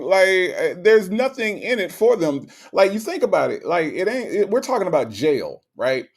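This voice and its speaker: Male stream host, casual and slangy, animated rhetorical back-and-forth with chat. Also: high voice, normal speed, few pauses. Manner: animated, rhetorical questions, repeats himself; slangy, conversational. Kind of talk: casual live commentary reading chat.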